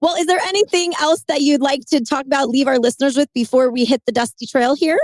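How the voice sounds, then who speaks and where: A woman hosting a podcast in casual interview chat, animated, chatty and quick to laugh. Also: high-pitched, no room sound, clean studio sound. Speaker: podcast host.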